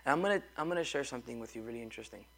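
A man's voice: mid-range voice, animated, very fast, vocal fry, a bit bright, slight background noise. A man preaching a sermon to a congregation in a church, emphatic and repetitive, calling on the crowd to respond. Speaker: pastor.

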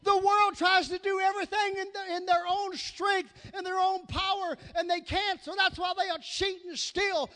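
A pastor with a Southern American accent, preaching a sermon with shouted, drawn-out emphasis. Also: male voice, very high-pitched, flat delivery.

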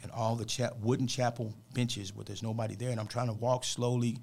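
Male motivational speaker, mid-pitched and gravelly, earnest and emphatic, storytelling guest on a radio show. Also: little pitch movement, a little fast, darkish tone. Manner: earnest, heartfelt, preacher-like emphatic delivery. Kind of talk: emotional personal storytelling in a radio interview.

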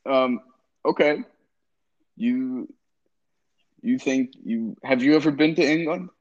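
A man hosting a casual comedy podcast, in an ordinary mid-range voice and at an unhurried pace. He talks hesitantly, leaning on fillers, and the recording sounds dull and lo-fi. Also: medium pitch, a little mellow. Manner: hesitant, giggly, filler-heavy. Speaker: podcast host.

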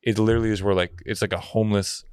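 Low-voiced podcast guy telling a story, lots of swearing and laughing, dry mic. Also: steady tone, racing, darkish tone, clean tone, dry recording. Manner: profane, laughs often, acts out quoted voices. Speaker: podcast co-host. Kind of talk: casual chat, storytelling.

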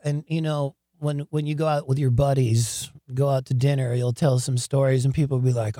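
A man spins wild stories for an interviewer, excitable and profane, stumbling over his words and laughing as he goes. His voice sits a little high, and the close mic in a dry room keeps every word up front. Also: moderate pace, no room sound. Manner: excitable, profane, laughs often, shouts in put-on voices, stammers. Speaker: guest, rock singer. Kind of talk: animated storytelling in an interview.

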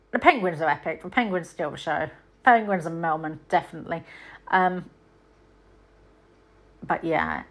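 A woman with a mid-range, fairly bright voice hosts a podcast, rambling chattily through film reviews. She says "um" a lot and keeps correcting herself.

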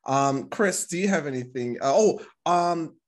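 A man's voice: fairly high pitch, lively intonation, unhurried. A man hosting a podcast in casual chat, rambling with lots of fillers and laughing often. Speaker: podcast host.

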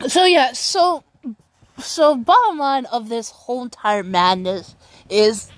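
A woman's voice: fairly high pitch, slow. A young adult woman hosting her own podcast, chatting casually and rambling with restarts and fillers. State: has the hiccups. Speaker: podcast host. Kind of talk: casual solo podcast chat.

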